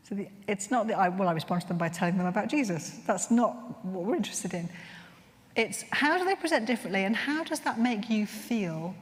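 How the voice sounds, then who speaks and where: A woman's voice: medium pitch, expressive, a little fast. A woman leading a workshop at a chaplains' conference, telling stories in an earnest, heartfelt way. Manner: earnest, heartfelt, gently searching. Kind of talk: conference talk with storytelling. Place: conference room. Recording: long reverb in a large room.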